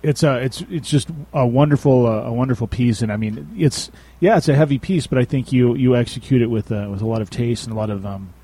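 A man's voice: mid-range voice, fast, hardly any pauses, warm tone, slightly rough. Male co-host, casual chat, stumbling and repeating words. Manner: rambling, repeats words while searching.

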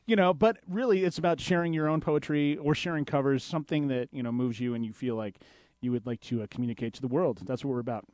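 A man co-hosting a radio show in the studio, given to quick, self-mocking banter. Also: medium pitch, a little mellow, no echo. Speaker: radio co-host. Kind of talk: casual radio talk.

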